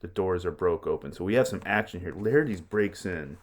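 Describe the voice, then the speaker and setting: Low-voiced casual male teacher. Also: expressive, moderate pace, few pauses. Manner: casual, paraphrases in everyday words. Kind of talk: reading and explaining a play.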